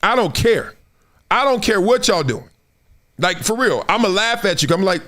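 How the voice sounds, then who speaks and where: A man in his forties hosting a casual sports talk stream, animated and trash-talking, slipping into put-on fan voices. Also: high-pitched, moderate pace. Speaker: show host.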